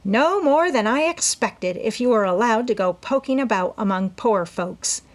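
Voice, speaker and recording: A woman voicing a sharp, gruff old aunt who scolds in a storybook. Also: a little high, expressive, normal speed, pitched above the performer's own voice, natural voice. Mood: scolding.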